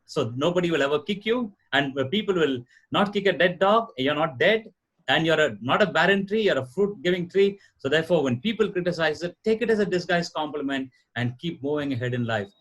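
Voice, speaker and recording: Earnest Indian man with a husky voice. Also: a little high, lively intonation, fairly quick, fairly bright tone. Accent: Indian English. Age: middle-aged. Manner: earnest, repetitive, emphatic explaining. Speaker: guest speaker, corporate trainer. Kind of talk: lecture-style talk show answer. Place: live event before an audience.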